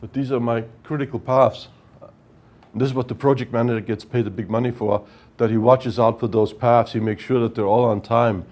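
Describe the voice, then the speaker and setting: A man's voice: mid-range voice, steady tone, fairly quick, a little mellow. A man giving a workshop lecture on project management, explaining step by step and often checking with "right?". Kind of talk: technical lecture at whiteboard.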